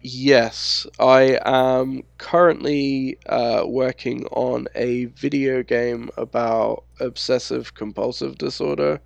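Podcast guest, male, North London accent, gravelly and sweary, dry close mic. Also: mid-range voice, steady tone, no echo. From England. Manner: candid and sweary, quick asides. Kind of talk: casual podcast chat.

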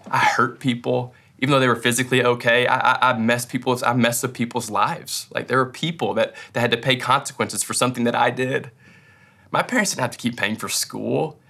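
A young man preaching a sermon to his congregation, telling personal stories in a relaxed, self-deprecating way. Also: medium pitch, creaky. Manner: conversational, self-deprecating storytelling with laughs. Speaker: pastor.

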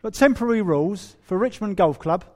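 A man preaching a sermon in a humorous, animated way, acting out quoted voices. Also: high voice, brisk. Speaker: pastor.

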